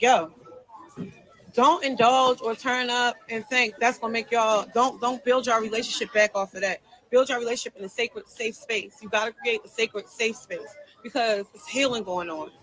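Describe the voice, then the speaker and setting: A woman's voice: on the high side, normal speed, a bit bright, low-quality recording. A woman venting on a livestream, telling her side of a falling-out in an emphatic, repetitive and heated way.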